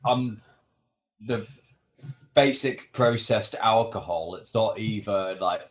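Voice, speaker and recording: A man's voice: on the low side, takes it slowly. A man at a tabletop game, describing part of the setting while thinking aloud. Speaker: player and world builder. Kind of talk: casual tabletop chat.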